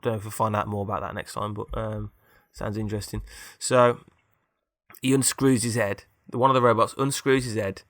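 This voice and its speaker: Bright-voiced chatty man. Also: fairly low pitch, flat delivery, fairly quick, no room sound, clean studio sound. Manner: chatty, meandering. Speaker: podcast co-host. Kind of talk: rambling improvised storytelling.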